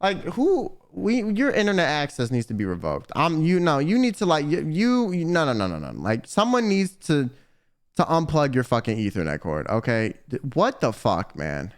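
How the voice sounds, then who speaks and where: A man's voice: fairly high pitch, huge pitch swings, moderate pace. A young man streaming, reading viewer confessions aloud and reacting with profane, exasperated commentary. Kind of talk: casual livestream commentary.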